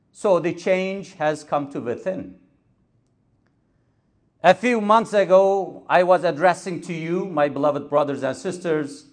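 A man gives a sermon from the pulpit in a fairly high voice. He speaks in a measured, emphatic way and builds on repeated phrases. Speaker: imam. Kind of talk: Friday sermon. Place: mosque.

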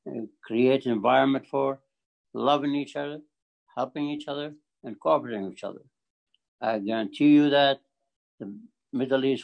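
Halting older man with a gravelly voice. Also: medium pitch, darkish tone, poor audio. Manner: halting, repeats words, emphatic. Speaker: community forum speaker. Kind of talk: speech at a community forum.

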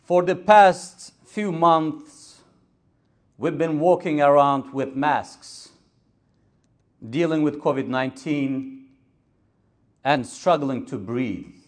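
A man gives a sermon from the pulpit in a fairly high voice. He speaks in a measured, emphatic way and builds on repeated phrases. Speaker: imam. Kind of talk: Friday sermon. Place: mosque.

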